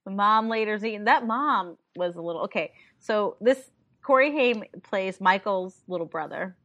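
A woman co-hosting a casual podcast, recapping a movie with lots of laughter and lively retelling. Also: medium pitch, moderate pace, lo-fi sound. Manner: animated, laughs often, acts out lines from the film. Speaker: podcast co-host.

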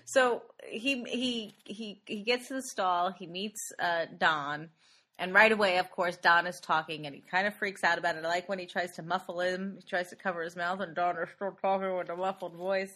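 Woman, bright clear tone, casual podcast chat, laughs a lot. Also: lowish voice, moderate pace. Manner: animated, laughs often while recapping. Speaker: podcast co-host. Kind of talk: casual chat about a movie.

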